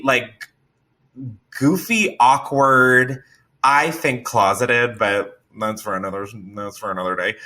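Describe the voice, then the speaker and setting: A man telling a wild work story in casual chat, animated and full of swearing, breaking into loud shouted impressions. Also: mid-range voice.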